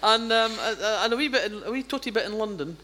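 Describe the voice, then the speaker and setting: A woman's voice: fairly high pitch, fast, very noisy. A Scottish woman from Fife, a novelist guest chatting casually, often restarting sentences and chuckling. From Scotland, Fife. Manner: hesitant, repeating starts, chuckling. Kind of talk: casual chat.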